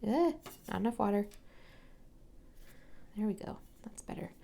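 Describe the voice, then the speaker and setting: A young woman chatting casually while she paints, soft-spoken and often slipping into a whisper as she works. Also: mid-range voice, lively intonation, measured pace, vocal fry. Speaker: watercolor crafting vlogger.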